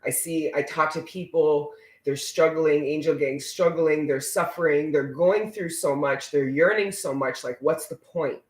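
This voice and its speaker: Tarot reader, male, fairly high voice, intense and preachy, curses casually, roomy echo. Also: unhurried, hardly any pauses. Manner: emphatic, preachy, swears freely. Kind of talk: casual spiritual reading for viewers.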